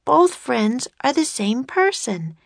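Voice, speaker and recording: A woman's voice: high-pitched, sing-song, takes it slowly, creaky, no room sound, studio quality, voice pushed up, heavily acted. A woman voicing an eager, curious young girl in an audiobook reading.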